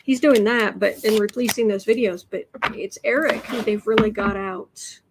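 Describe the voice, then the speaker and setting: In very noisy audio, a tarot reader hosts a casual livestream from inside a room, speaking at a moderate pace in a medium pitch. She chats freely, reads out comments from viewers, and keeps restarting and repeating words.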